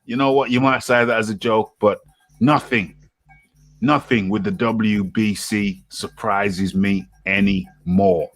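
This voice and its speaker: A British man hosting a casual boxing chat, animated and laughing often, repeating his words as he goes. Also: on the low side, takes it slowly, dry recording, faint music behind. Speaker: host.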